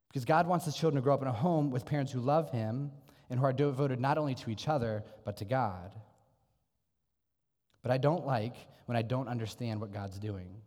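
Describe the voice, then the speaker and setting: A pastor preaches earnestly but conversationally, putting rhetorical questions to his listeners. His voice is medium-pitched and darkish, followed by a long reverb tail.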